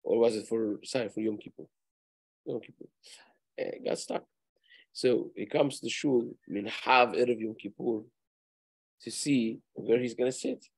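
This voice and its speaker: A rabbi's voice with a gravelly, somewhat husky grain, recorded dry and close. He teaches a daily Torah class in an easygoing, conversational way, telling stories along the way. His pitch stays in a middle range for a man. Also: steady tone, measured pace, pauses often, dry recording, poor audio. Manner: conversational, tells anecdotes, mixes Hebrew and Yiddish terms. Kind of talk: casual Torah lesson with storytelling.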